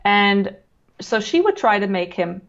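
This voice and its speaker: Calm measured woman, slightly dull audio. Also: medium pitch. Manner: calm, measured, with frequent fillers and restarts. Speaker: guest who works with children on emotions. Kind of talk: explanatory interview talk.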